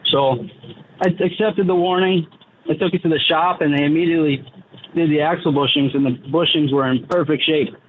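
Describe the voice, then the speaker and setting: A man's voice: on the high side, steady tone, a little fast. A young man, a truck driver calling in, chatting casually and rambling through a frustrated story. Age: young adult. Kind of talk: casual chat on a radio show. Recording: tinny phone line with faint noise.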